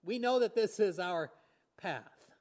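A man delivers a sermon in a fairly high voice. He talks earnestly and stumbles over a few fillers. He often slows down and sinks to a near whisper on key words. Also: lively intonation. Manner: earnest, with fillers and restarts, voice swings between hushed and raised. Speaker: pastor.

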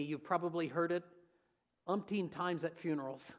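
A man preaching a sermon in a folksy, humorous, lively storytelling way. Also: on the high side, normal speed. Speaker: pastor.

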